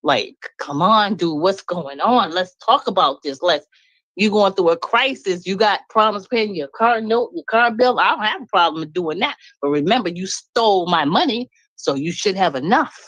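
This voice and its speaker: A woman's voice: mid-range voice, animated, moderate pace, fairly bright tone, no room sound, low-quality recording. A woman venting bluntly and emphatically about a past marriage, laughing between points in a candid live chat. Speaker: guest speaker.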